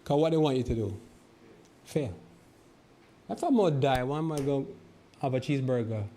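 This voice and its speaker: A male pastor giving a sermon, reading scripture slowly and asking the congregation rhetorical questions, often repeating and restarting words. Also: mid-range voice, lively intonation, dark tone, slight background noise. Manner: preaches with rhetorical questions and slow scripture quoting.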